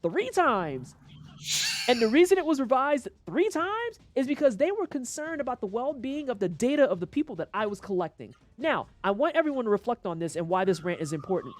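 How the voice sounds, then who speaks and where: A woman's voice: a little high, very animated, brisk, dry recording, faint music behind. A young woman streaming a game, ranting with heavy profanity and exasperation. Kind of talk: casual gameplay commentary.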